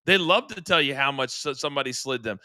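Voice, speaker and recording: A man's voice: mid-range voice, fast talker, no echo, clean studio sound. A middle-aged man hosting a sports podcast, telling stories animatedly and acting out quotes. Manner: animated storyteller, acts out quotes. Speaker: podcast host. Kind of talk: casual sports chat.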